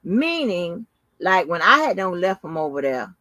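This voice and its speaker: A woman's voice: on the low side, a little slow, no echo. Woman, channel host, casual storytelling, cursing, mocking, dry close sound. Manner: animated storytelling, heavy profanity, mocking. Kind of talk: casual live-stream commentary.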